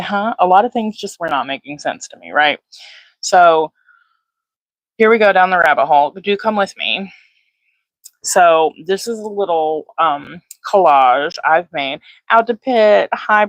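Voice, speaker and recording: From her phone, the livestream host chats loosely, filling gaps with fillers and welcoming viewers by name. She has a low, slightly bright voice, captured in a dry recording.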